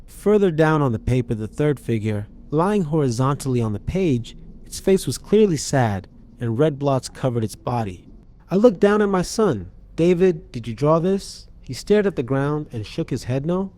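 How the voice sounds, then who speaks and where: Man narrating a dark horror tale. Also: fairly high pitch, very animated, moderate pace. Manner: tense, dramatic reading. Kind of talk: first-person horror story narration.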